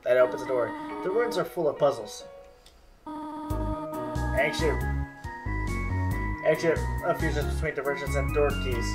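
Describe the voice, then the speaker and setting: A man reading aloud as a kindly, motherly caretaker creature from a game, slower and more formal than his own talk. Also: mid-range voice, lightly acted. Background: game music.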